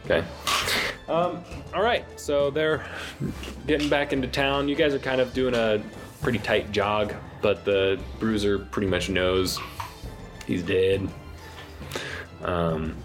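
A man narrating a tabletop game as game master in a relaxed, rambling way. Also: lowish voice, takes it slowly, pauses often, music in the background.

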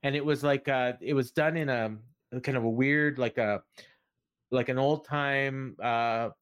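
A man on a wrestling podcast, talking casually at a middling pitch. He rambles through the week's shows, stopping and restarting with plenty of fillers. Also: steady tone, clean tone. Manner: rambling, halting recap with many fillers. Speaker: podcast co-host. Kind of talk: casual wrestling recap chat.

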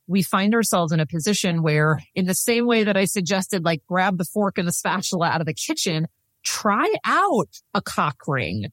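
A woman's voice: on the low side, no room sound, studio quality. A woman guest on a podcast who answers earnestly and emphatically, repeating her key points and laughing easily while staying serious. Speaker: sex and intimacy coach, podcast guest.

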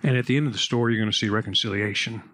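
A man's voice: fairly low pitch, very fast. A man preaching a sermon, telling Bible stories and family anecdotes in a casual, conversational way. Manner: conversational, animated storytelling with raised voice in anecdotes. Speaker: pastor.

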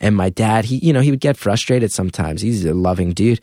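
A man, a comedian guest, telling candid stories in a rambling way, full of "like" and animated retellings. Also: on the low side, fairly quick, dry recording, clean studio sound. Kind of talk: candid storytelling.

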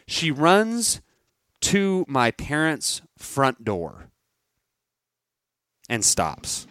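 A man co-hosting a podcast, telling a story in an animated way and laughing often. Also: on the high side, no room sound. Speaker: podcast co-host. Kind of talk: casual chat.

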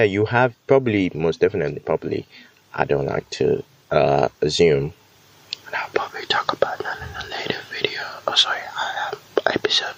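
A man's voice: low voice, no echo, muffled recording. A man hosting a casual solo podcast, rambling and self-deprecating, with many fillers, restarts and casual swearing. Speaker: podcast host.

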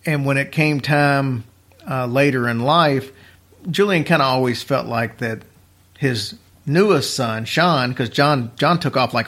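A man's voice: medium pitch, a bit bright. Chatty man telling a story. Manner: rambling, chatty, restarts sentences, uneven pace. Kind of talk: casual storytelling.

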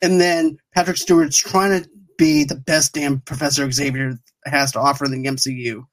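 A woman co-hosting a casual podcast, talking with excited fan enthusiasm. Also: very deep voice, moderate pace, rough recording. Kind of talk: casual chat.

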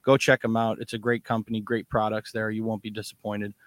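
A man's voice: on the low side, little pitch movement, brisk, no room sound. Rambling male podcast co-host, dry sound. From Chicago. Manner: rambling, restarts with many fillers. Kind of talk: casual chat.

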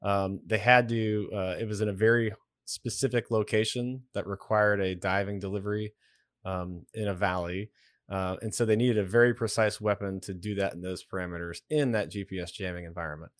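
Low-voiced man explaining plainly. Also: fairly even intonation, fairly quick, dry recording, clean studio sound. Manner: wry, blunt, explanatory. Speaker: podcast guest, retired military aviator. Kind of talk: casual podcast conversation.

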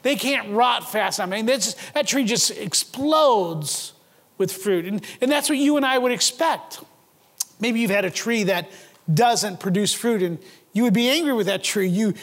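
High-voiced preacher in a reverberant hall. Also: male voice. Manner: earnest, asks rhetorical questions, repeats words when starting a phrase. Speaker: pastor. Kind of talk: sermon. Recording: long reverb of a large hall.

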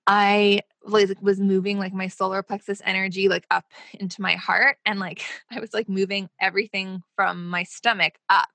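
A woman's voice: mid-range voice, flat delivery, normal speed, hardly any pauses, fairly bright tone, dry recording. A woman chatting casually on a podcast, laughing and using lots of filler words. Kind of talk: casual chat.

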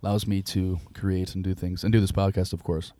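A young man hosts a loose podcast conversation, words tumbling out quickly and excitedly. His voice sits a little low. The sound is dry and close. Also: dry recording. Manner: fast, excitable, swears a lot. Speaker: podcast host. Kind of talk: casual chat.

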